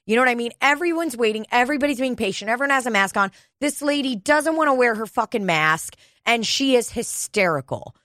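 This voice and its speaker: A woman's voice: a little high, animated, a little fast, hardly any pauses, fairly bright tone, dry recording, studio quality. Profane, candid woman telling stories. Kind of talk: casual chat.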